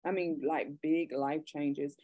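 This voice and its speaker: A woman's voice: deep voice, fairly even intonation, slow pace, warm tone, no room sound, dull audio. A middle-aged woman hosting a casual talk show, speaking earnestly and often restarting her sentences. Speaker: podcast host. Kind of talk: casual conversation.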